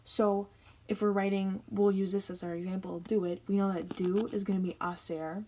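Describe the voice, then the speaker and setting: A woman's voice: medium pitch, little pitch movement, normal speed, warm tone, a little hiss or hum, rough recording. Young woman explaining Spanish grammar casually. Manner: chatty, explains step by step. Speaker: Spanish teacher.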